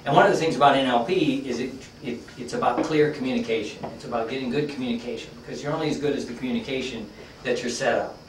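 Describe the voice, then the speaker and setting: A man's voice: mid-range voice, fast talker, reverberant, far from the mic, a little hiss or hum, rough recording. A man teaching a workshop class, telling a story in a conversational, folksy way with lots of fillers. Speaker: workshop trainer.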